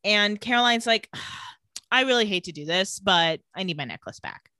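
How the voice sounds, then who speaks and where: Lively young woman recapping a show. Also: medium pitch, normal speed, no room sound. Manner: animated, acts out characters' lines while retelling. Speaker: podcast co-host recapping a TV show. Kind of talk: casual chat.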